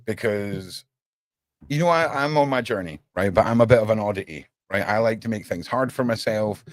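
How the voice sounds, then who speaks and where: A man hosting a casual livestream chat, animated and talkative, often checking in with "right?". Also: lowish voice, normal speed, no room sound. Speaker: podcast host.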